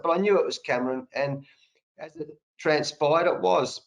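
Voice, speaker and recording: A man in his fifties with an Australian accent and a sore throat, telling lively anecdotes full of slang as a guest on a video call. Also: a little high, normal speed, muffled recording. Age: 50s. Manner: animated anecdotes with colloquial slang. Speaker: guest, national cricket coach. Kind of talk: conversational storytelling.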